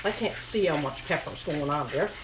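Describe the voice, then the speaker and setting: A woman chats through her cooking in a kitchen, her voice sitting slightly low. She keeps it a touch hushed, repeats her own lines and talks to herself. A frying pan sizzles clearly under her words. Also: lively intonation, moderate pace, noisy background. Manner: talking a little low and hushed. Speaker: home cooking vlogger. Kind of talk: casual cooking chat to camera. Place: home kitchen. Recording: home kitchen recording, audible pan sizzle.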